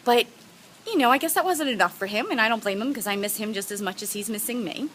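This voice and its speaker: A woman's voice: a little high, fast talker, a bit bright, a little hiss or hum, rough recording. A woman giving a motivational talk to camera, telling personal stories in an earnest, heartfelt and encouraging way. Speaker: motivational speaker.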